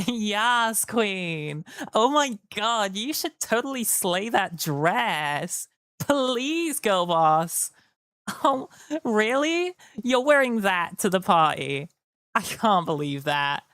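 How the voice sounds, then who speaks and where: A man's voice: high-pitched, sing-song, slow, a bit bright, no room sound, studio quality, pitched above the performer's own voice, heavily acted. A man putting on the voice of a ditzy, gushing young valley girl, drawing out words in a sing-song way.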